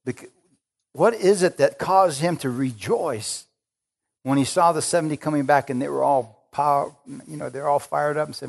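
A man's voice: fairly high pitch, normal speed, vocal fry. Emphatic preacher man calling for amens. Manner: emphatic, calls for amens, acts out Jesus with excitement. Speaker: pastor. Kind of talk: sermon.

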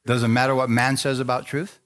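Male pastor, mid-pitched, sermon delivery with call-and-response, confiding lows and loud builds, cracks jokes at himself. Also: level tone, brisk. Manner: call-and-response preaching, asks the crowd for amens; swings from low, confiding asides to loud, rising exhortation.

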